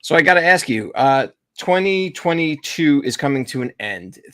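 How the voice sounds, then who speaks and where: A man's voice: fairly high pitch, expressive, normal speed, a bit bright. A young man co-hosting a casual podcast, ranting in a rambling, profane way. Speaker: podcast co-host. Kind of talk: casual banter.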